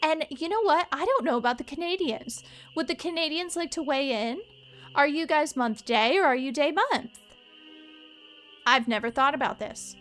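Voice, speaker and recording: A woman's voice: high voice, expressive, normal speed, fairly bright tone, faint music behind. A woman streaming a mystery game, chatting casually and rambling in asides to her viewers. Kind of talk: casual let's-play chat.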